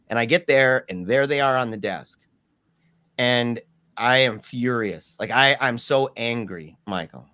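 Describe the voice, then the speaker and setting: A young man telling his personal story in a candid, animated way with slangy asides. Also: mid-range voice, no room sound, studio quality.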